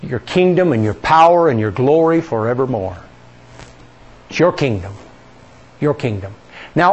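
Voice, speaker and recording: Male pastor, sermon, animated and high, quizzes the congregation. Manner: asks the congregation questions, leads them in reciting.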